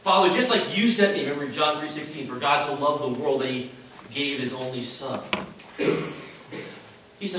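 A man's voice: a little high, normal speed, long pauses, pushed and bright, slight background noise. Man preaching in an echoey chapel. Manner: earnest, emphatic preaching. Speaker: chapel speaker at a Christian school. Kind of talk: sermon. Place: chapel at a retreat. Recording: echoey room from far off.

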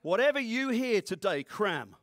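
Guy preaching, high voice that jumps all over, dry close mic, jokey asides. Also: very animated, moderate pace, a bit bright, no echo. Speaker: pastor. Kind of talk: sermon.

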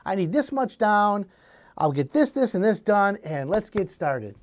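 A man acting out a pushy male contractor who dodges questions and brushes the client off, his voice pitched up and pushed louder than the speaker's own talk. The tone is snippy and defensive, never giving a straight answer. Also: sing-song, a little slow. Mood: brushing off.

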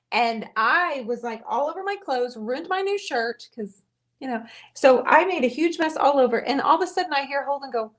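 A woman's voice: high voice, expressive, moderate pace. A woman in her forties hosting a live painting show, chatting and telling stories as she paints. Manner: chatty, storytelling, laughing often. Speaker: painting livestream host. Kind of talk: casual chat while painting.

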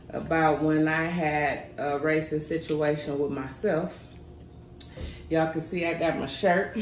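A woman chatting casually to her viewers as she sets up a mukbang at home, a little out of breath. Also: fairly low pitch. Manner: chatty, addresses viewers as y'all. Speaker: mukbang vlogger. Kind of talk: casual chat to camera. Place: home, indoors. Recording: echoey room, faint background noise.

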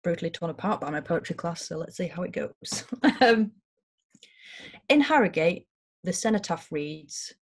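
A woman's voice: lowish voice, expressive, moderate pace. A woman hosting a poetry reading over a video call, chatting casually with fillers before reading her own poems. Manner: casual, hesitant introductions with many fillers, then firm recitation. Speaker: host and poet.

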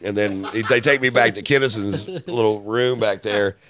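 A man's voice: on the low side, fairly even intonation, normal speed, a bit bright. A man, a comedian, telling a loose, profane story in a casual interview. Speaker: comedian guest. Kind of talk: storytelling anecdote.

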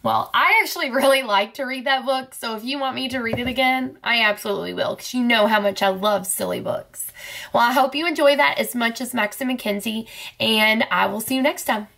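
A woman teacher reading a children's book aloud in a playful, expressive way, acting out mock protest at the silly text. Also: a little high, brisk, gravelly.

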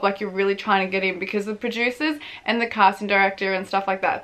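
A woman's voice: medium pitch, fairly bright tone. A young woman in her twenties giving casual, self-mocking advice in a chatty vlog, swearing freely and laughing often. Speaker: vlogger, former reality show contestant.

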